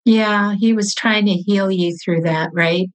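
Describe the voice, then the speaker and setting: A woman's voice: medium pitch, steady tone, measured pace. A woman hosting a faith podcast interview, affirming her guest in an encouraging way. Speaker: podcast host. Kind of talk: interview conversation.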